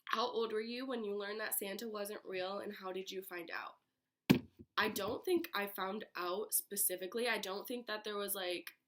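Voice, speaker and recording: Raspy young woman just over a cold, rambling with lots of "like", sitting on her bedroom floor talking into a laptop. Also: mid-range voice, fairly even intonation, moderate pace, a bit bright, slight background noise. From Michigan. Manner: chatty, many filler "like"s. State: getting over being sick. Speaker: vlogger. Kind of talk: casual chat.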